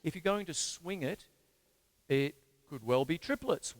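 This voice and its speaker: A man's voice: fairly high pitch, lively intonation, a little slow, over loud music. A man from Australia teaching drums on a live stream, chatting casually and counting beats aloud while he plays. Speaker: drum teacher. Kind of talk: live-streamed drum lesson. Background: drum kit playing.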